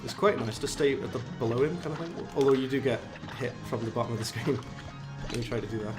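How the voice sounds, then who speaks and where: Brief: Welsh Valleys-accented male streamer, mid-pitched, easygoing self-mockery, game music clearly behind him. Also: fast talker. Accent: South Wales Valleys. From South Wales. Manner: chatty, self-mocking, bursts up in pitch when frustrated. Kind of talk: casual live game-stream commentary.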